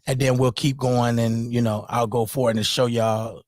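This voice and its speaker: A father breaking down his son's game footage in casual screen-share commentary, heated and profane, repeating "boom" as he points things out. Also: level tone, moderate pace, darkish tone. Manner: heated, profane, repeats "boom" and "you know what I'm saying".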